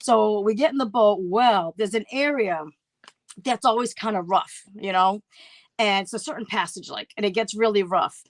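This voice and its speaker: A woman's voice: medium pitch, moderate pace, no room sound. A middle-aged woman telling a story on a casual livestream chat, acting out her own past voices. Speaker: co-host.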